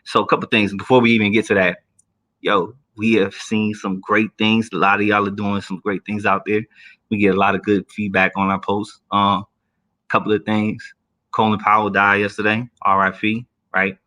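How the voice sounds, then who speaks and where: Bright-voiced joking man hosting a livestream. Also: flat delivery, normal speed. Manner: loose, joking, slangy, puts on high voices to quote people. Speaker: livestream host, Army career counselor. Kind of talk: casual livestream chat.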